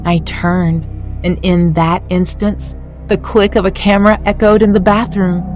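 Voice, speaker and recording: A woman's voice: on the low side, flat delivery, a little slow, music in the background. Woman narrating a horror story. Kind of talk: scripted first-person horror narration.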